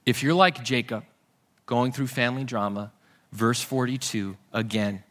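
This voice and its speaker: A man preaching a sermon, retelling a Bible story with lively acted-out voices and frequent restarts. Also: mid-range voice, unhurried. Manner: animated storytelling, acting out Bible characters' voices. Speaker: pastor.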